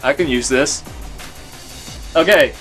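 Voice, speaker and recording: A man chats through a let's-play video, rambling and leaning on "like" between thoughts. He talks slowly in a mid-range voice, with faint game music underneath. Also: medium pitch, fairly bright tone. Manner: rambling, full of "like" fillers. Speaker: gaming video host. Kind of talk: casual let's-play commentary.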